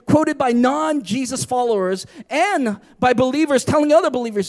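A man's voice: very high voice, expressive, unhurried. A man preaching a sermon in an emphatic style, often asking his listeners "right?". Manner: emphatic, repeats "right?" to the audience. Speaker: pastor.

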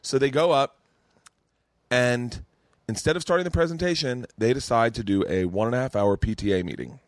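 Rambling mid-pitched man hosting a podcast. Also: moderate pace, no room sound, studio quality. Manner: rambling, restarts, quotes people in raised voices. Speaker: podcast host. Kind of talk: casual storytelling chat.

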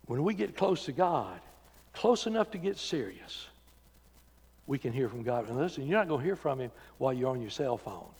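A man preaching a sermon as pastor, swinging from loud emphatic calls to quiet, intimate talk. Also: mid-range voice, big pitch swings, moderate pace, vocal fry, slightly rough. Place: church sanctuary. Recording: church sanctuary with long reverb.

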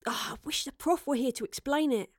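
Brash young heroine, casual and cheeky, pitched a touch higher, read by a woman narrator. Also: brisk, dry recording, studio quality, natural voice. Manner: casual, swears freely.

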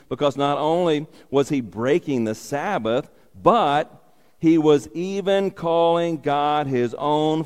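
A man's voice: on the high side, darkish tone, smooth. A man preaching a sermon as a pastor, repeating key phrases for emphasis and asking rhetorical questions. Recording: long hall reverb.

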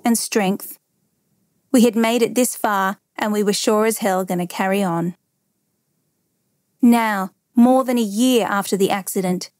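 A woman reading a first-person memoir aloud as narrator, measured and steady. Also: medium pitch, dry recording, clean studio sound.

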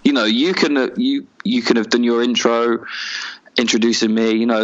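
A man's voice: medium pitch, normal speed, fairly bright tone. A man who works as an event videographer, chatting casually and telling exasperated stories with frequent laughter. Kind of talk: casual chat. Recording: dull lo-fi call audio.

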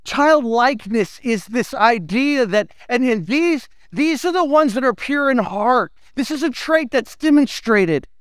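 A man, preaching a sermon in an animated, playful storytelling way. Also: very high-pitched, unhurried, hardly any pauses, smooth, no echo, clean studio sound. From United States. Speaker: pastor.

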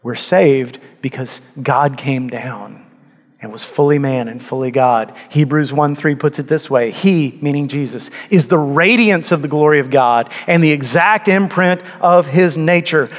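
A man's voice: on the high side, measured pace. A man preaching a sermon as pastor, earnest and building to emphatic peaks. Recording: long hall reverb.

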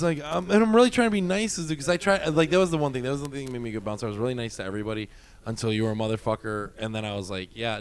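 A man telling a story in casual chat, animated and profane, often laughing. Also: on the high side.

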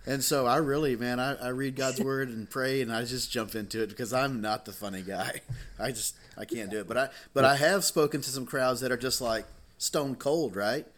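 A man's voice: medium pitch, normal speed. A man who is a pastor, co-hosting a podcast, talking casually and laughing often as he tells stories. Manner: animated, laughs often, repeats words.

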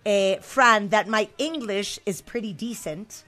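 Bright, chatty woman host. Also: medium pitch, unhurried. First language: Spanish. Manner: chatty, playful storytelling. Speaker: radio host. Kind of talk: casual bilingual interview.

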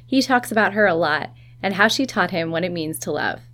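A woman host reading scripted narration that introduces guests, with a smooth presenter delivery. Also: lowish voice, lively intonation, a little fast, a bit bright.

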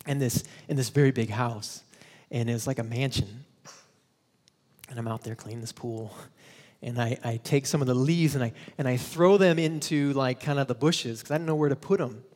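A man's voice: mid-range voice, normal speed, a little mellow, long reverb tail. A male pastor preaching a conversational sermon, telling stories and laughing at himself.

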